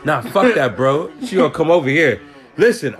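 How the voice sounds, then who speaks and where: A young man co-hosting a podcast, bantering loudly and laughing often. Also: on the high side, big pitch swings, soft background music. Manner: loud, joking, quick to laugh. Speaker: podcast co-host. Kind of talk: casual banter.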